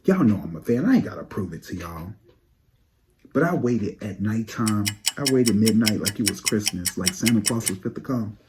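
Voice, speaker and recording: A man giving sassy, profane gossip commentary to his viewers, dropping to low mutters and jumping up to high exclaims. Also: lively intonation, normal speed, noisy background. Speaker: psychic tarot channel host.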